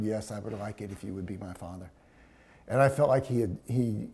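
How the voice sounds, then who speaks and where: Middle-aged male preacher, mellow and warm, hushed emotional storytelling. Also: lowish voice. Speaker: pastor. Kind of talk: sermon.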